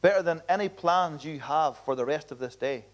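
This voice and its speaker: A man's voice: a little high, normal speed. A man preaching a sermon in church as pastor, speaking earnestly and emphatically with repeated appeals to his congregation.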